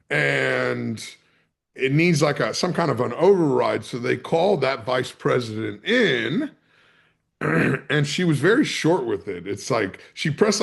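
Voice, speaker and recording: Gravelly-voiced man telling a wild story. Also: mid-range voice. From Maryland's Eastern Shore, USA. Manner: vivid storyteller, swears freely, acts out quotes. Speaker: charter captain, podcast guest. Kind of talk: conversational storytelling.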